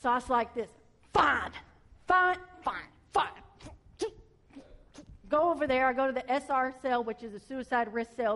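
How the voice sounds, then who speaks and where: A woman police officer telling a testimony story in a colloquial, self-mocking, animated way. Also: on the high side.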